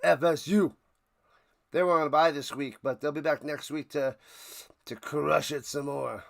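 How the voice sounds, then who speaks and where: A man's voice: on the high side, steady tone, measured pace, vocal fry, a bit bright. A man hosting a live football watch party, calling plays and making chatty, jokey asides. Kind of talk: casual livestream play-by-play.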